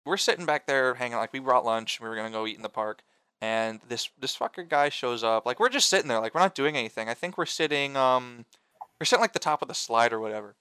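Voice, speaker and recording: A man's voice: mid-range voice, quick pace, sharp tone, clean tone, no room sound. A young man telling stories in casual chat with friends, rambling and swearing, full of fillers and restarts. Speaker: storyteller among friends.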